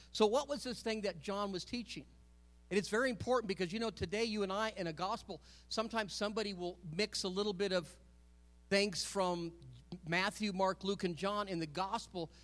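A man with a high-pitched voice preaches in a loose, conversational sermon. He often stumbles, repeats words and corrects himself. Now and then he calls out to the congregation for an answer. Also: a bit bright.

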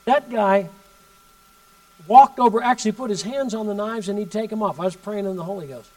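During a sermon, a male preacher recounts his own story in a fairly high voice, lurching from loud, emphatic bursts to hushed asides. He speaks fairly quickly, and the mic is placed some distance away.

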